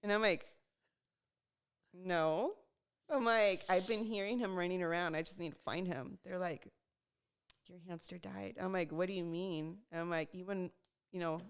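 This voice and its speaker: Young woman podcast co-host, smooth lowish voice, animated storyteller. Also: a little fast. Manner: animated, laughing, acts out quotes. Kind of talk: casual storytelling chat.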